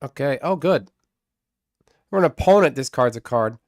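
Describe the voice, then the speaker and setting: A man in the middle of live gameplay commentary, muttering and trading insults with an unseen opponent. His voice sits at a mid pitch and sounds close and dry, with no room around it. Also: expressive, moderate pace, no room sound. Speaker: streamer.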